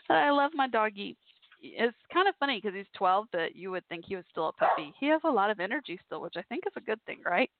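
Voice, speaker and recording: A woman's voice: medium pitch, lively intonation, brisk, no room sound. Bubbly woman on a tinny line. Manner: bubbly, rambling, laughs often. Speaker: call-in podcast host. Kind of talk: casual chatty call-in show.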